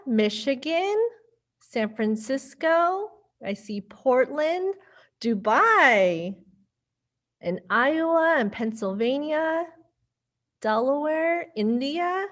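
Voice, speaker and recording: High, unhurried storytime librarian woman. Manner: upbeat, sing-song, encouraging, talks to children and caregivers. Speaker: children's librarian hosting storytime. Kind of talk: virtual children's storytime.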